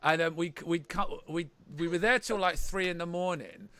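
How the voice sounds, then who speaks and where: A high, bright-toned man spins a rambling story in casual podcast chat, laughing as he goes and restarting his sentences. His voice sits close and dry, with little room sound. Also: fairly even intonation, normal speed, dry recording. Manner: rambling, laughing anecdote teller with many restarts. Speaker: podcast co-host, band member.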